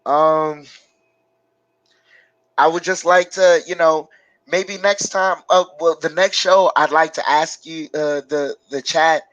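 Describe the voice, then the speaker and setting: Higher-voiced man, dry and close. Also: fairly even intonation, fairly bright tone, no echo, muffled recording. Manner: rambling, halting with many fillers. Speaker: co-host. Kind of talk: casual live-stream sports chat.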